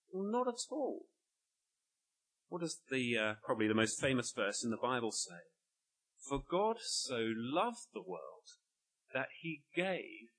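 A male preacher delivers an earnest sermon at a church service, explaining each point with emphasis. His voice is husky yet bright and forceful, and his pitch rises and falls in a lively way. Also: poor audio.

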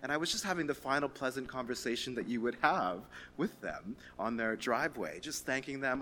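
A man preaching a sermon to his church in a conversational, animated way, reading scripture aloud and telling stories on himself. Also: medium pitch, a little fast, hardly any pauses, a little hiss or hum. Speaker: pastor. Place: church hall. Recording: reverberant church hall.

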